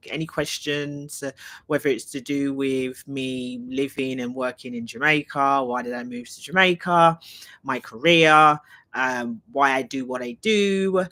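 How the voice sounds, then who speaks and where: A woman's voice: a bass voice, pushed and bright. A woman with an English accent, chatting casually and rambling on a live stream while moving around her home. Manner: chatty and rambling, thinking aloud. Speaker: leadership trainer hosting a live Q&A.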